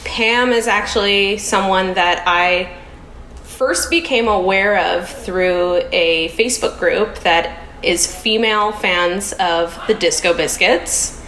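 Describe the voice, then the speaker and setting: A woman's voice: medium pitch, takes it slowly, fairly bright tone. A woman guest on a podcast, speaking thoughtfully with some hesitation. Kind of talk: casual interview talk. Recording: echoey room with faint noise.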